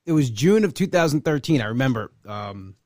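Halting man in a dry room. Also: mid-range voice, big pitch swings, darkish tone, dry recording. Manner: halting, repeats words. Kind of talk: casual podcast chat.

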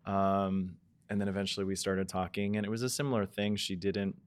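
A man in his thirties talks candidly on a podcast about his past. He is reflective, often pausing on ums, and his voice sits low. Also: flat delivery. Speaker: podcast co-host. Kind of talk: casual personal storytelling.

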